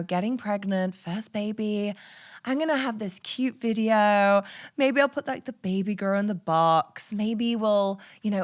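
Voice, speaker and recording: A woman in her thirties talks straight into the mic, telling a personal story with a frank, animated delivery. Her voice sits at a middle pitch, and she swears casually and laughs her way through the tale. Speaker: podcast host. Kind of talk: candid storytelling monologue.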